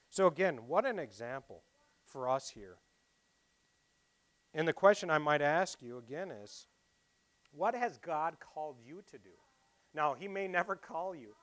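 A man preaching a sermon, asking his listeners questions and swinging between loud emphasis and quiet asides. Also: on the high side. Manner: asks the congregation rhetorical questions.

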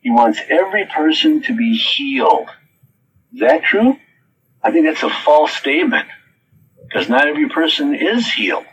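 A man's voice: fairly high pitch, very animated, normal speed, fairly bright tone, highs cut off, a little hiss or hum. A man preaching a sermon who reads quotes from his notes and then answers them with pointed questions.

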